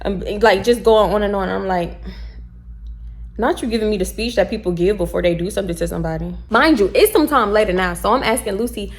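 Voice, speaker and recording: A young woman with a drawl tells a story casually, blunt and animated. She swears freely and does not hold back. Her voice sits at an ordinary middle pitch. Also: fast talker. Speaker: vlogger.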